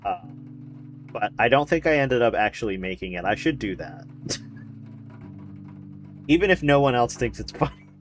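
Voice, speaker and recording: A man's voice: medium pitch, sing-song, moderate pace, long pauses. A man streaming a video game, rambling and joking with casual commentary, swearing and laughing often. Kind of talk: casual let's-play commentary.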